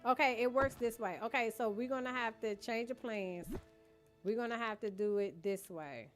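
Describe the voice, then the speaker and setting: A woman's voice: fairly high pitch, normal speed, faint music behind. A woman live-streaming a cozy decorating game, chatting casually with her chat, greeting and thanking viewers by name, teasing them playfully and laughing often.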